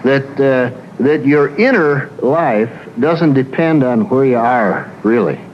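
A man's voice: mid-range voice, expressive, slow, lo-fi sound, slight background noise. A man who works as a psychologist, giving a folksy lecture full of anecdotes and acting out the people he describes.

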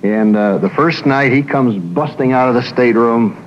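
A man's voice: mid-range voice, normal speed, muffled recording, a little hiss or hum. A man who works as a psychologist, giving a folksy lecture full of anecdotes and acting out the people he describes.

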